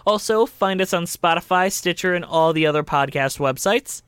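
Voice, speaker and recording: High-voiced man co-hosting a chatty podcast. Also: fairly bright tone, clear, resonant tone, no room sound. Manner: laughs often, reads ad breaks quickly. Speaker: podcast co-host. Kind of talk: casual chat.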